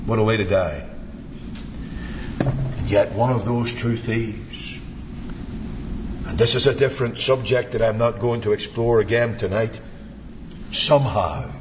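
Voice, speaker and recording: A man preaching a sermon in a slow, dramatic style, swinging from soaring to hushed. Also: lowish voice. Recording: dull, echoey hall recording with faint hiss.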